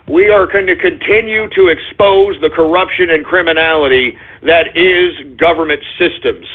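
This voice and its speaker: Exasperated ranting radio host, phone-tinny. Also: male voice, high voice. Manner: exasperated, berating, swears often. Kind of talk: ranting call-in radio monologue. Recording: tinny phone-line sound.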